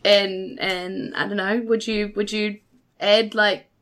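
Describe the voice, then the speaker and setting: A woman's voice: mid-range voice, flat delivery, takes it slowly, fairly bright tone. A woman playing in a tabletop game, chatting casually and laughing often. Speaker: player.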